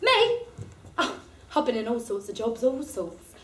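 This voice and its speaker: A woman's voice: a little high, sing-song, a little slow, reverberant. A woman playing a gossipy woman. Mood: chatty. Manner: gossipy, laughing storyteller. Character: chatty working-class London woman, hostel dweller. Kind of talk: one-woman stage monologue. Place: theatre performance space.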